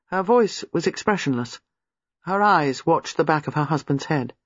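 A man narrating a novel in an expressive, lively reading. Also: fairly high pitch, normal speed, no echo. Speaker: audiobook narrator. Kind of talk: scripted narration. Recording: slightly muffled, dry.

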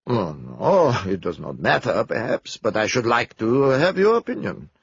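A man voicing a gentle, shrewd detective, Poirot. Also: lowish voice, very animated, breathy edge, dry recording, dull audio, heavily acted. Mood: polite. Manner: gentle, measured questioning. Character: gentle, shrewd male detective, middle-aged.

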